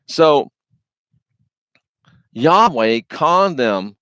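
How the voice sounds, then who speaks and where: A man's voice: a little high, animated, a little slow, pauses often, a bit bright, clear, resonant tone, no room sound. A man hosting a religious video, preaching in an informal, folksy and emphatic monologue. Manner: folksy, slangy, conversational; emphatic, repetitive.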